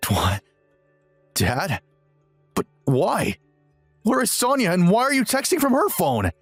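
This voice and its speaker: A man's voice: high voice, wildly swooping pitch, slow, husky, dry recording, faint music behind, pitched above the performer's own voice, heavily acted. A man voicing a smug, self-righteous young husband who lectures and sneers in a dramatized text-message story. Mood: alarmed.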